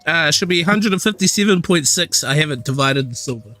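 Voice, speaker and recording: A man's voice: fairly high pitch, animated, fairly quick, sharp tone. A man playing in a tabletop game, chatty and often laughing. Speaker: player. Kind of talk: casual game chat.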